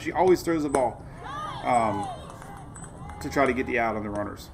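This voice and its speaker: A man hosting a weather show, chatting casually and excitably, often saying "man". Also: on the high side, fairly quick, pauses often, a crowd in the background, noisy background. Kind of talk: casual live-stream chat.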